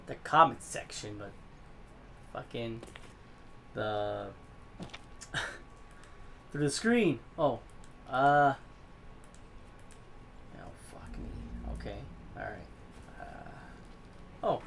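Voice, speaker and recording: A man giving let's-play commentary as a gaming host, swearing a lot and swinging from low muttering to yelling at the game. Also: animated, drawn-out words, vocal fry, pauses often, a little hiss or hum.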